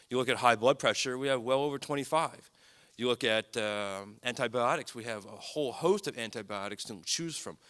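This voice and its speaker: A man's voice: mid-range voice, pushed and bright. A man, a psychiatrist, giving an earnest, emphatic public talk to an audience, stressing his points by repeating them. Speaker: psychiatrist speaking at a lecture event.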